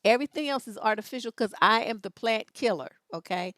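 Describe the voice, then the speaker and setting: Middle-aged woman, advice host, sassy storyteller, animated pitch, dry sound. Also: a little fast, dry recording. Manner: lively, sassy storyteller, big pitch jumps when quoting herself. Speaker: relationship coach and advice host. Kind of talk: casual storytelling on a livestream.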